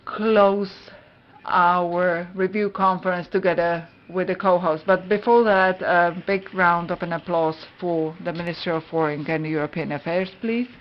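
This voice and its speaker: A woman's voice: on the low side, fairly even intonation, measured pace. A woman, moderating a conference panel and politely wrapping it up. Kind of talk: closing remarks at a conference. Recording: dull lo-fi conference audio.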